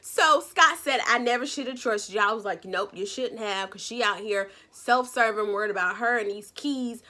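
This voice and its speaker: Woman vlogger, high bright voice, sassy and animated, casual episode recap. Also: moderate pace, few pauses. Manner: animated, sassy, acts out characters' lines.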